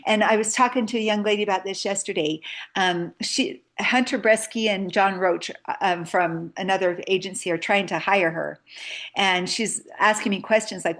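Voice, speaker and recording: A middle-aged woman in the middle of a testimonial speech, her voice sitting at an ordinary pitch. She talks earnestly and conversationally, turning often to address the people listening. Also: steady tone, unhurried, fairly bright tone. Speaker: sales agent giving a testimonial.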